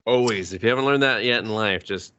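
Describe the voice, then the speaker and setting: A man's voice: fairly low pitch, fairly quick, a bit bright, dull audio. A man co-hosting a podcast in casual chat, wry and blunt, swearing freely. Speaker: podcast co-host.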